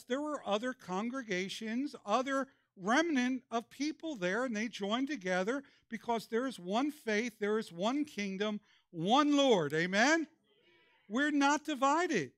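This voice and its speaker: A man with a strikingly high voice preaches a sermon. He keeps calling on the congregation to respond. The sound is close and dry, with little room around it. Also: fairly bright tone, dry recording. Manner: preaching with call-and-response prompts. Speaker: pastor. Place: church.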